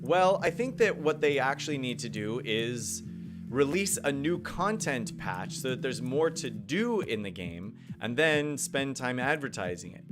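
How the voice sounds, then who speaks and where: A playful man commentating his game live and chatting with viewers. His pitch leaps up and down with excitement. Game music plays clearly behind him. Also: measured pace. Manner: playful, excitable, talks to chat. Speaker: gaming streamer.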